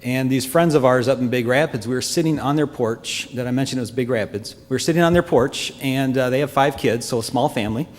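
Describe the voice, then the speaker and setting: A man giving an earnest, heartfelt personal testimony to a congregation, speaking in a halting way. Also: medium pitch, background noise. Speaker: church member giving a testimony. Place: church hall. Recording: long church-hall reverb.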